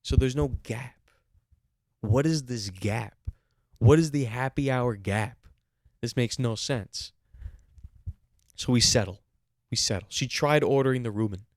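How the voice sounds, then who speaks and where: A man's voice: mid-range voice, measured pace, long pauses, dry recording, studio quality. A man co-hosting a podcast, telling a story in a casual, exasperated way and swearing freely. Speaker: podcast co-host.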